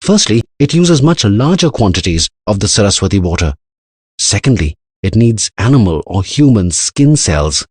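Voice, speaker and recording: A man's voice: on the low side, big pitch swings, moderate pace, a little mellow, husky, dry recording, pitched above the performer's own voice. A man voicing an anxious older male scientist who explains at length in an earnest way. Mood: grave.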